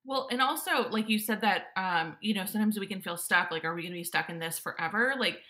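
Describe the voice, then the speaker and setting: A woman's voice: mid-range voice, quick pace, sharp tone. A woman, a salon owner chatting casually in a goofy, rambling, giggly way. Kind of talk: casual chat.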